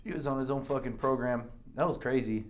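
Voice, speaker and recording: A man in casual chat, telling animated motorcycle stories and swearing a lot. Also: medium pitch, fairly quick, a little hiss or hum. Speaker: motorcycle rider.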